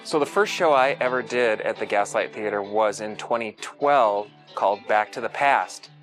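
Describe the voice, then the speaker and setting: A man, a stage actor, telling an anecdote in an interview with a relaxed storytelling manner. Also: on the low side, normal speed, over music. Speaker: stage actor recalling a colleague.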